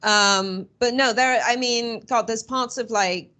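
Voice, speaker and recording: Welsh woman hosting a chat, toned-down accent, talks fast and lively. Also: on the high side. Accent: softened Welsh. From Wales. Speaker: host. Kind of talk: casual conversation.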